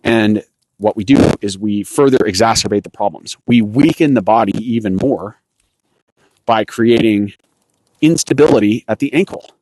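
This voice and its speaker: A cycling coaching podcast host with a voice on the low side and a darkish tone speaks at a moderate pace. Walking a rocky trail outdoors, he explains technique in a loose, self-correcting instructional monologue. The recording is dry.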